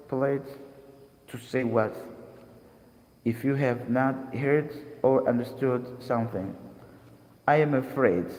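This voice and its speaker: Man, young adult, from Mozambique, English lesson, deliberate reading, roomy echo. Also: mid-range voice, darkish tone. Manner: slow, careful reading with restarts. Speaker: English teacher. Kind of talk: reading a dictionary aloud as a lesson. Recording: echoey room with long reverb.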